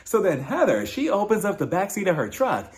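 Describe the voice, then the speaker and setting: Animated sassy man recapping reality TV. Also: sits high, fairly quick. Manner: sassy, gossipy, laughs often. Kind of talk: casual episode recap commentary.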